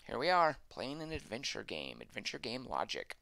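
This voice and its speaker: A man's voice: medium pitch, wildly swooping pitch, normal speed, gravelly, few pauses, bright, forceful tone, dry recording. A man streaming a text adventure, reading the game text aloud and adding wry, sarcastic asides.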